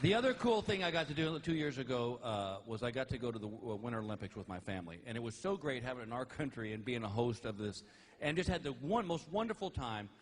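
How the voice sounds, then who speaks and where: A man's voice: mid-range voice, quick pace, few pauses, a faint crowd, slight background noise. A middle-aged man performing a stand-up comedy routine on a live stage, acting out the people in his stories. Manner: animated, acts out voices. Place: live venue with audience.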